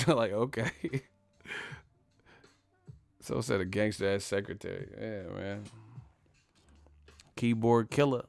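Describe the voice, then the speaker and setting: A man's voice: fairly low pitch, slow pace, vocal fry, long pauses, no echo. A man hosting a boxing vlog who rants casually in heavy street slang, cursing, repeating himself and laughing often. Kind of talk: casual profane rant.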